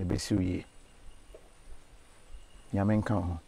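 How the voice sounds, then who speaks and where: A man's voice: sits low, level tone, slow, warm tone, slight background noise. A man hosting an interview outdoors, talking casually with encouraging, preacher-like asides. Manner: casual, preaching asides, switching between languages. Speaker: host. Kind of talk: field interview. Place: outdoors in a forest.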